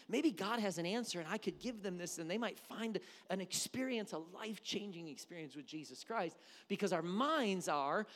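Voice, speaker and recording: A male pastor preaching a sermon, telling stories with humorous asides in an animated way. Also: sits high, moderate pace, in a large hall. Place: church sanctuary.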